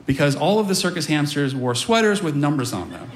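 A man's voice: on the high side, sing-song, fairly quick, few pauses. A middle-aged man telling a comic personal story on stage to a live audience, with wry, self-deprecating asides.

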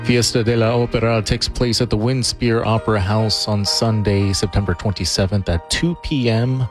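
Low-voiced male radio reporter. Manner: measured, even reading. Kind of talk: scripted news narration. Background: music bed.

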